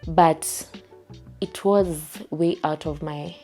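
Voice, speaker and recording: Kenyan woman vlogging at home, lowish voice, chatty and repetitive, faint music under. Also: steady tone, slow, a little mellow. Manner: chatty, repetitive storytelling with code-switching. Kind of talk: casual storytime vlog. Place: her home while packing to move.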